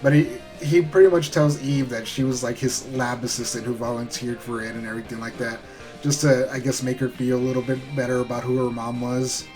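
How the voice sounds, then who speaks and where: A man's voice: medium pitch, level tone, a little fast, darkish tone, faint music behind. A man giving a loose, rambling recap of a show episode, full of fillers and the odd swear word. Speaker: show reviewer.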